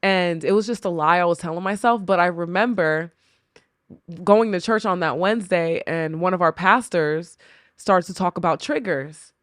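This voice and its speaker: Recorded at studio quality with no room sound, a woman with a lowish voice speaks at a moderate pace. The co-host's wife and a guest on the podcast, she shares candid, reflective stories of personal struggle, often voicing her earlier thoughts.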